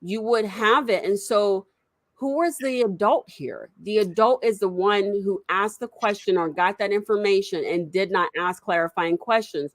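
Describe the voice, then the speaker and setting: A woman in casual conversation, a parent telling animated stories and acting out the voices of the people in them. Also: medium pitch, moderate pace, no echo. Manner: animated storyteller, acts out quotes.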